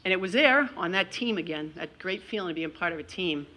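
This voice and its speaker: A woman's voice: fairly low pitch, lively intonation, brisk, bright, forceful tone. A middle-aged woman giving a graduation speech, telling stories with self-deprecating humor and calling out people in the audience. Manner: calls out audience members directly. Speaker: commencement speaker. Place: graduation ceremony.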